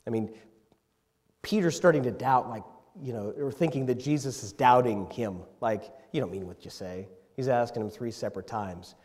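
A man preaching a sermon, moving between loud emphatic passages and hushed, tender ones. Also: mid-range voice, moderate pace. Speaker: pastor. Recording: long reverb in a hall.

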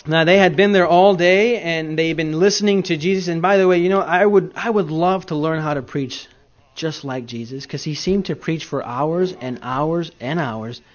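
A man's voice: a little high, moderate pace, few pauses, highs cut off. Conversational man preaching a sermon. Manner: conversational storytelling, swinging loud and soft.

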